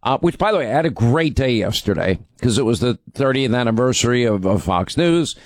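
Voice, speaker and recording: A man hosting a radio talk show, hoarse from talking too much, rambling and restarting his sentences. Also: mid-range voice, expressive, a little fast, dry recording. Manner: rambling, self-interrupting, stammers on restarts. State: hoarse, strained voice from overuse. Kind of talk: casual talk radio monologue.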